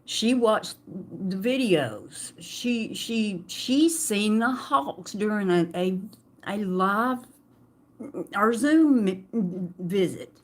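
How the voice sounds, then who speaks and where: Slow-talking emotional woman. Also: mid-range voice, expressive. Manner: emotional, halting, with repeated restarts. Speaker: vlogger. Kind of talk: emotional personal vlog.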